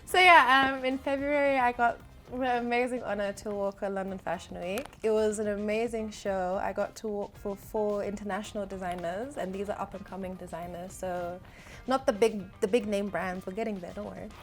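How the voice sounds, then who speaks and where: A woman's voice: medium pitch, fairly even intonation, a little fast, fairly bright tone, faint music behind. A young woman from Zambia, an actress and model, chatting casually as an interview guest with light humour and frequent laughs.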